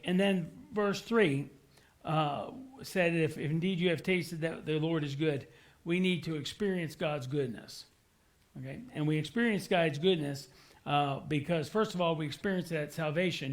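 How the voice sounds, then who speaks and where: A man delivers a sermon in a church with a fairly high voice. He is earnest and conversational, leaning on repetition to stress his points and slipping in casual asides and fillers as he talks to the congregation. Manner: earnest, repeats key words for emphasis. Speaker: pastor. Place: church sanctuary.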